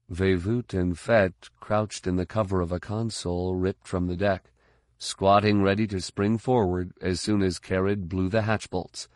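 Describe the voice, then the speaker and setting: Man, audiobook narrator, low voice, very slow and measured, dry close recording. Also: no echo. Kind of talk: scripted narration.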